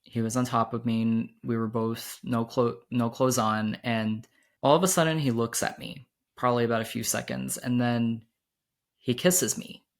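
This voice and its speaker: A man hosting a podcast, telling a personal story in a candid, halting way with many restarts, his voice jumping higher when he quotes his own panic. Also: steady tone, gravelly. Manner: quoted lines rise much higher and louder when he relives panic. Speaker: podcast host.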